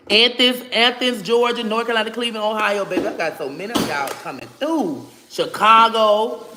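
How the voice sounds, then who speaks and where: A man's voice: high voice, pushed and bright, a little hiss or hum. A man hosting a casual livestream on a phone, rattling off viewers' hometowns with loose, friendly asides and endearments like "baby". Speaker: livestream host. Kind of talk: casual livestream shout-outs.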